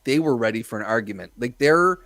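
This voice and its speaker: A man's voice: medium pitch, animated, brisk, fairly bright tone, dry recording. Dry-sounding man telling a wry story. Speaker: podcast co-host or guest. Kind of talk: casual podcast chat.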